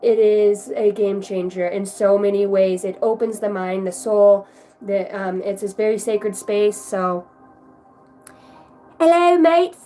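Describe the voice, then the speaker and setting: A woman reading tarot cards on a live stream, talking in a warm, rambling, affectionate way and shifting between guidance and chat with viewers. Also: mid-range voice, flat delivery, unhurried, rough recording. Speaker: tarot card reader.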